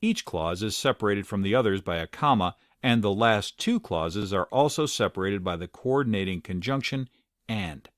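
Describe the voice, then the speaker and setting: Deep-ish male lesson narrator, varied pitch, dry sound. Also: expressive, no room sound. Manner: measured explanatory delivery. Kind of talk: scripted narration.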